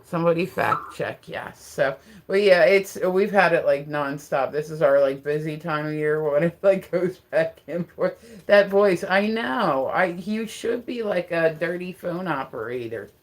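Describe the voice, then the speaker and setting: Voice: mid-range voice, lively intonation, measured pace. Livestream host, loose and rambling, heavy on fillers, laughs often. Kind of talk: casual livestream chat.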